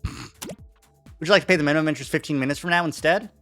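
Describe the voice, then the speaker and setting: A streamer voicing a smooth-talking AI companion who flatters the player, calls them darling and pushes paid upgrades, reading game dialogue aloud. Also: medium pitch, fast talker, faint music behind, close to an everyday voice. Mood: persuasive.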